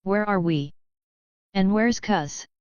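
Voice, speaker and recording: A woman's voice: mid-range voice, slow pace, a little mellow, clear, resonant tone, no room sound, muffled recording, close to an everyday voice. A woman voicing an eager young boy with a cold who sniffles between words. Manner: sniffling, grinning. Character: stuffy-nosed eager boy hero.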